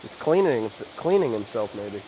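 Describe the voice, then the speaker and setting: A man livestreaming outdoors at an animal park, chatting excitedly and calling out to the animals. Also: mid-range voice, normal speed, slight background noise, rough recording. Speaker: livestream vlogger. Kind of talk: casual livestream chat.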